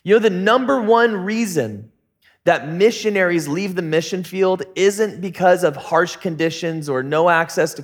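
A man preaching a casual sermon, telling stories in a relaxed, joking, slangy way. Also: fairly high pitch. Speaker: pastor.

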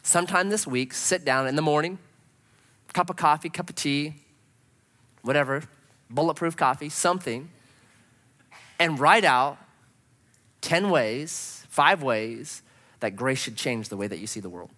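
A man preaching a sermon as a pastor, animated and full of rhetorical questions. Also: on the high side, unhurried, pauses often, in a large hall.

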